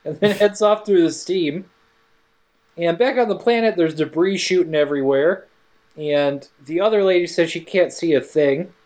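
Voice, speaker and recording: A co-host walking through a film plot in relaxed podcast chat, at a middle pitch. The delivery is sarcastic and playful, with characters' lines acted out along the way. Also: normal speed. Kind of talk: casual movie recap narration.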